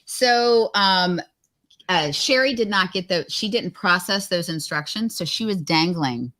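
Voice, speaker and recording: A woman chatting on a live stream as a guest, telling rambling, animated stories from her time as a contestant. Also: on the low side, a little slow. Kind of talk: casual chat on a live stream.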